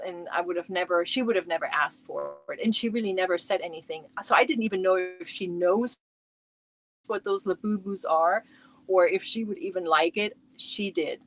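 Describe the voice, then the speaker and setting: A woman's voice: medium pitch, a bit bright. A middle-aged woman chatting casually on her crochet livestream from home, rambling and talking to viewers by name.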